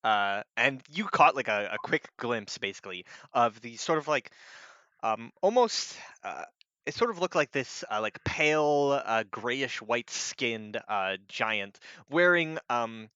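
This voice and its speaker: Brief: male game master, halting narration, bright tone, dry muffled recording. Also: medium pitch, animated, clean tone, no echo. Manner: halting, heavy with fillers.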